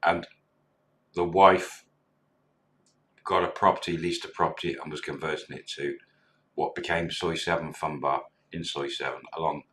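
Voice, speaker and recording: A man's voice: low-pitched, fairly bright tone. A middle-aged man, a former bar manager, casually tells a story and acts out the quoted dialogue in a chatty way.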